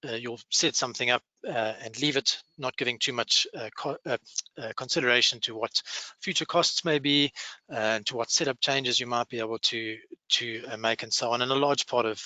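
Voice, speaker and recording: A man with a South African accent introducing a webinar, halting with many fillers and restarts over a video call. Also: mid-range voice, steady tone, bright, forceful tone, no room sound, low-quality recording. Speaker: webinar host from a cloud services firm.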